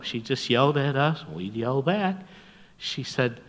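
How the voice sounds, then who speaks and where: An older North American man preaches a storytelling sermon as a pastor in a large hall, his mid-range voice expressive and at normal speed. He tells stories in a folksy, chuckling manner and drops to a hushed voice at tender moments.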